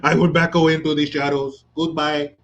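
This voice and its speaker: A man's voice: on the high side, little pitch movement, fairly quick, lo-fi sound, a little hiss or hum, lightly acted. A man putting on the voice of a meek, pleading migrant in exaggerated mockery. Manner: whiny, begging, exaggerated mockery.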